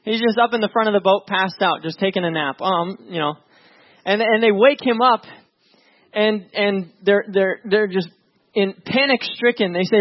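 A man's voice: high-pitched, moderate pace. A man preaching a sermon as pastor, reading scripture and talking to his congregation in a conversational way, often repeating words and asking "right?". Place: church before a congregation. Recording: dull lo-fi sound.

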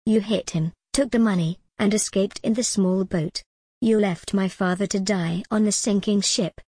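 A woman's voice: medium pitch, steady tone, moderate pace, dark tone, breathy edge, no room sound, natural voice. A woman reading the lines of an honest, earnest young man in a storybook, in a dry, close voice. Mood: angry. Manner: angry, earnest.

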